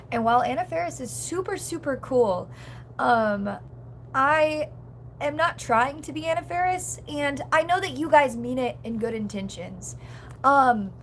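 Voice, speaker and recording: A woman's voice: fairly high pitch, fairly bright tone, slight background noise. A young woman chatting casually on a livestream, rambling with lots of "like" and "um" and reading chat comments aloud.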